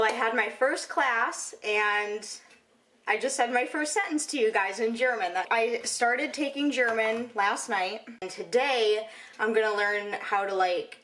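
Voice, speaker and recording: Chatty and rambling, a young Michigan vlogger with a Michigan American accent talks through a casual home video, leaning on "like" and "you know." Her voice is fairly high and a bit bright, and the audio quality is poor.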